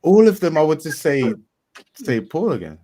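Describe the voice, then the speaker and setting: A man's voice: fairly high pitch, very animated, normal speed, a crowd in the background. A man chatting as a guest on a podcast, joking loosely and laughing often. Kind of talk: casual podcast chat.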